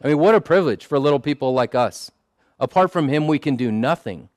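A man's voice: medium pitch, animated, fairly quick, darkish tone, dry recording, studio quality. Earnest man preaching to a circle. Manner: earnest, emphatic, asks the group for "Amen?". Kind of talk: sermon. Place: small gathering in a circle.

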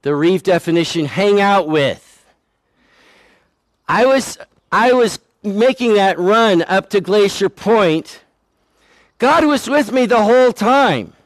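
High-voiced man preaching, dry close sound. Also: expressive, slow, pauses often, dry recording. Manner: conversational, self-deprecating, acts out quoted voices. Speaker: pastor. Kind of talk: sermon.

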